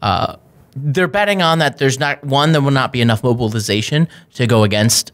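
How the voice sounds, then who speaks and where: A man guest on a tech news roundtable, talking in halting runs with many fillers. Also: mid-range voice, a bit bright. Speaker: guest commentator. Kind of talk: casual roundtable chat.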